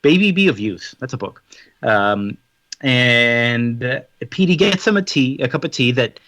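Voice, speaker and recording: Chatty man with a bright voice. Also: mid-range voice, no echo. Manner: chatty, summarizes the plot with quick acted-out quotes. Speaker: podcast co-host. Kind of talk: casual chat.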